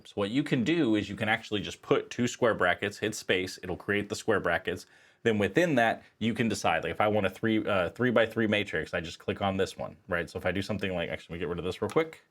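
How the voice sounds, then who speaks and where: A man's voice: fairly low pitch, fast talker, fairly bright tone. A man teaching statistics, casually walking through an equation editor step by step, with frequent fillers. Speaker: statistics instructor. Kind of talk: screen-recorded software tutorial.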